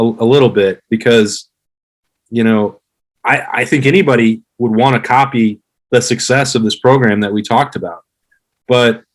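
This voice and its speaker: A man in his thirties, a guest on a sports podcast, giving measured, analytical views in casual chat. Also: mid-range voice, rough recording. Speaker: podcast guest, former player.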